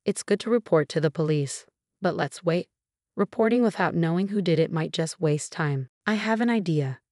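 A woman voicing a calm young husband who speaks in a measured, cold and firm way. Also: fairly high pitch, no room sound, clean studio sound, natural voice.

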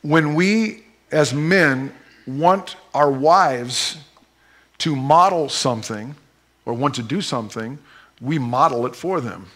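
A man, a pastor, preaching a sermon in a playful, animated way, with live demonstrations using a volunteer during a church service. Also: medium pitch, takes it slowly.

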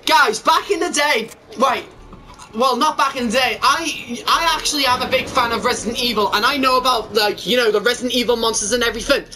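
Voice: medium pitch, brisk, bright, forceful tone, distant mic. A gamer giving let's-play commentary during a horror game, talking to themself and to viewers and swearing when startled.

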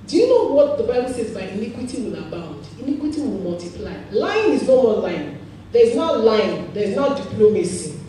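A woman pastor with a Nigerian accent preaching a sermon, telling stories with animated laughter. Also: sits high, normal speed. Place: church hall. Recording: echoey hall, voice from far off.

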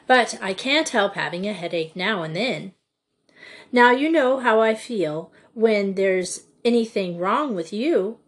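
A kind but firm young headmistress, voiced by a woman reading aloud, calm and gently scolding. She speaks slowly and evenly in an audiobook. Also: medium pitch.

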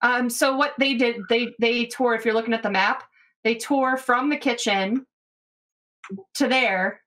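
A woman's voice: fairly high pitch, steady tone, a little slow, a bit bright. A woman narrating as game master in a tabletop game, talking loosely with plenty of fillers.

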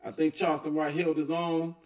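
Brief: a male reaction host, relaxed and agreeing, pitched a bit high, recorded off-mic. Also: brisk, far from the mic. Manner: laid-back, agreeing, chuckling. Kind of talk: casual reaction commentary.

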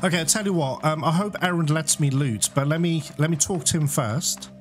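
A man giving excited gameplay commentary to viewers, exclaiming and out of breath. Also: fairly high pitch, fairly quick. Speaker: let's play gamer. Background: game music.

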